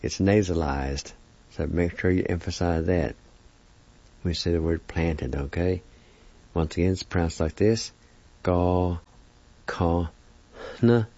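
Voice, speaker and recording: Low-voiced guy slowly teaching words bit by bit, dull lo-fi sound. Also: steady tone, warm tone. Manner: patient, spells out sounds syllable by syllable. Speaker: language teacher. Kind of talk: slow spoken word lesson. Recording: dull lo-fi recording.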